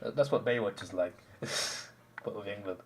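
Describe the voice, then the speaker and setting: A young man hosting a live stream, telling stories in animated casual chat with restarts and bursts of laughter. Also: lowish voice, normal speed, a little hiss or hum. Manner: animated storytelling, mimicking others, frequent laughs and restarts.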